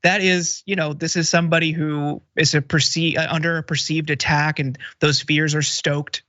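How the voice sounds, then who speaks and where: A man co-hosting a political talk show, speaking in a measured, thoughtful way with frequent fillers. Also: a little high, little pitch movement, sharp tone, no echo, lo-fi sound. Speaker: co-host. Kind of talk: political commentary.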